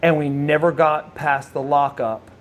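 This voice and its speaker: Speaking a little slowly in a level tone and a slightly high voice, a middle-aged ex-wrestler tells casual stories as an interview guest. He wanders, using plenty of fillers and starting over often.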